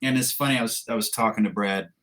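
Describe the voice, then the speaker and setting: A man's voice: lowish voice, fast, a bit bright, rough recording. Profane middle-aged man telling war stories. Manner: salty, profane, laughing anecdotes. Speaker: guest. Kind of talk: casual storytelling interview. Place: podcast studio.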